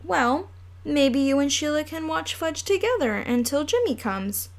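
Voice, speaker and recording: A woman voicing a calm, practical mother who talks matter-of-factly. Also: sits high, measured pace, voice pushed up.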